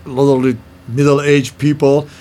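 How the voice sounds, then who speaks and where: A man's voice: medium pitch, little pitch movement, slow, dark tone. An older man, a former restaurant owner, telling stories in a casual interview, rambling with restarts and broken grammar.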